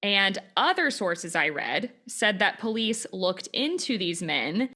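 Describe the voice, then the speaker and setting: A woman's voice: mid-range voice, big pitch swings, slow pace, pushed and bright. A woman hosting a podcast, recounting case details in casual chat with plenty of fillers. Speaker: podcast host. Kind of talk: casual true-crime chat.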